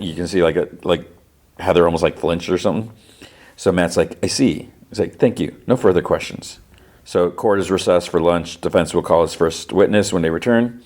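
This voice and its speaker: A man hosting a podcast, casually retelling a TV episode scene by scene in quick quoted dialogue. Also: sits low, a little mellow. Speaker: podcast host.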